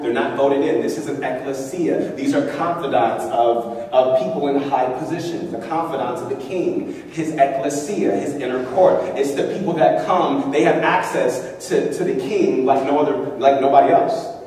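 A man's voice: medium pitch, moderate pace, hardly any pauses, darkish tone, recorded from a distance. A male pastor preaching a sermon emphatically, calling on the congregation to answer back and acting out quotes. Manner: emphatic, call-and-response preaching with acted-out quotes. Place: church hall. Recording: echoey hall, mic from afar.

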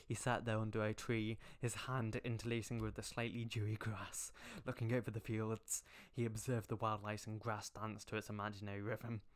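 A man streaming as he reads a fanfic aloud, reluctant and exasperated, breaking off to complain and swear. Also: on the low side. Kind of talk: live-stream reading with comic asides.

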